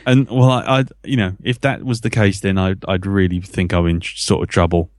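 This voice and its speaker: A man's voice: sits low, steady tone, brisk, no echo, clean studio sound. A man hosting a podcast, telling crude, joking school stories in casual chat. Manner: joking, crude, chatty storyteller. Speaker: podcast host.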